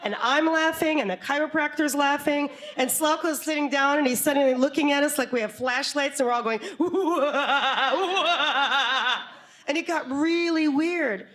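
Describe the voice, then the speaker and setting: Woman storyteller, live on stage, slightly high pitch, lively and comic. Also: a little fast, hardly any pauses. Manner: animated, laughing, comic asides. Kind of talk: live storytelling before an audience. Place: stage before a live audience.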